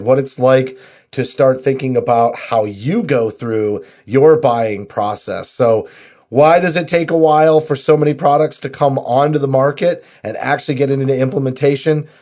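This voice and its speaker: Male co-host, mid pitch, upbeat promo energy, conversational. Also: a little mellow. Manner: upbeat, promotional, many "you know" fillers. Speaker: podcast co-host. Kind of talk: podcast interview.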